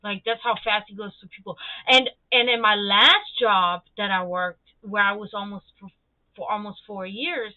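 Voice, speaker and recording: A woman hosting a livestream, telling stories in casual chat, animated and swearing freely, acting out the people she quotes. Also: normal speed, no echo. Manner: animated, swearing, acts out quoted people with high jumps in pitch. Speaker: livestream host. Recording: dry tinny phone-like sound.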